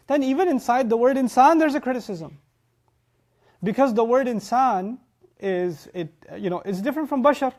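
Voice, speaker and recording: A middle-aged man teaching a religious lecture in an animated, emphatic way, quoting Arabic phrases and explaining them. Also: extremely high pitch, moderate pace. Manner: animated, emphatic, acts out students' voices. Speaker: Quran teacher.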